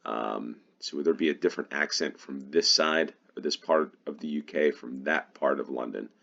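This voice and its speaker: A GeoGuessr channel host from New York, USA, with a Western New York accent, thinks aloud while playing a geography guessing game, hesitating and saying "um" a lot. His voice rumbles low and is gravelly and a bit bright, at a normal speed. The recording sounds muffled, and the talk is casual gameplay commentary.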